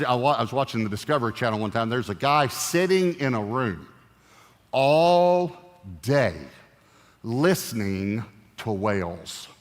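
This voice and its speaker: Male pastor giving a lively, jokey sermon, mid-pitched voice, big echoey church. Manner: animated, joking storyteller. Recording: echoey hall reverb.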